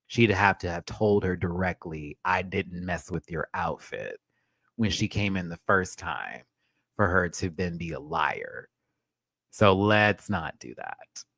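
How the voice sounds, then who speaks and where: A man hosting a live show review, ranting in an animated and profane way. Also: lowish voice, no room sound, clean studio sound. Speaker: host.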